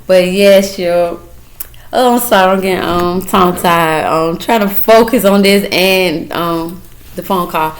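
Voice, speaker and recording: A woman's voice: on the low side, a little slow. A woman talking casually and earnestly to her viewers about her faith, emotional and close to tears as she encourages them. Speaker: mother giving a testimony. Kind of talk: casual faith testimony vlog.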